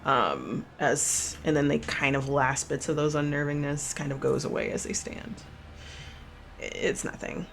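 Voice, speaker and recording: Gravelly man narrating a tabletop game. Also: fairly high pitch, normal speed, few pauses, fairly bright tone, a little hiss or hum. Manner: rambling, many fillers and restarts. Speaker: game master.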